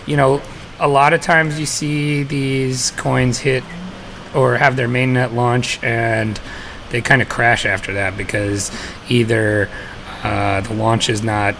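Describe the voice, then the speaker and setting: Casting: relaxed male podcast host, mid-pitched voice, faint noise behind. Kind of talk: casual podcast chat.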